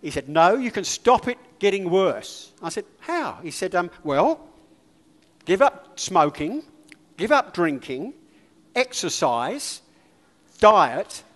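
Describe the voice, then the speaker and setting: A man tells a personal story from the pulpit in a chatty, animated sermon. His voice sits high for a man and swoops widely in pitch. The sound rings out with long reverb from a church hall. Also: takes it slowly, long pauses. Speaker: lay preacher. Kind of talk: informal sermon.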